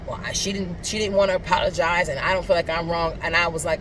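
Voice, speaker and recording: A woman's voice: fairly low pitch, brisk, background noise. A woman reflecting on faith and telling a personal story in a casual, earnest way, rambling and restarting her sentences. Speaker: faith vlogger.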